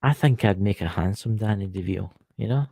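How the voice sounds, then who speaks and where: Gravelly Scottish man bantering. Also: on the low side, brisk, darkish tone, dry recording. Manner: joking, teasing, laughs often. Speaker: podcast co-host. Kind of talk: casual banter.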